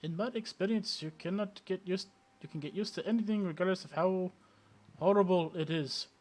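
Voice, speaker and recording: A man's voice: high voice, a little fast, a little mellow, voice pushed up. A man voicing a pushy middle-aged male street vendor in a put-on Indian accent, wheedling and grumbling. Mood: wistful. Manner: wheedling sales patter, wistful grumbling.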